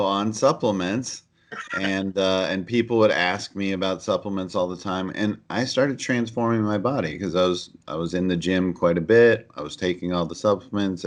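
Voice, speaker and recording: A middle-aged man speaking as a podcast guest, telling his personal story in an earnest, candid way, with many fillers and restarts. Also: low voice. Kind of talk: conversational storytelling.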